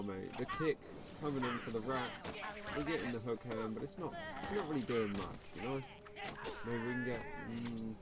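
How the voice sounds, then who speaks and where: Laid-back guy over game music. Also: medium pitch. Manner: laid-back, slangy, says "mate" constantly. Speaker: mobile game YouTuber. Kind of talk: casual gameplay commentary. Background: background music.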